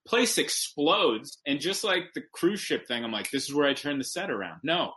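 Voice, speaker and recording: A man, a stand-up comedian guest on a podcast, telling a story in casual chat with animated, emphatic delivery and quick self-corrections. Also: a little high.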